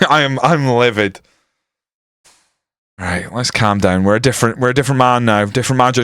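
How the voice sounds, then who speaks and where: Male streamer, foul-mouthed ranting commentary, crisp voice, dead-dry sound. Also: medium pitch, normal speed, dry recording. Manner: sweary, ranting, swings to excited commentary. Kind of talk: casual game commentary on stream.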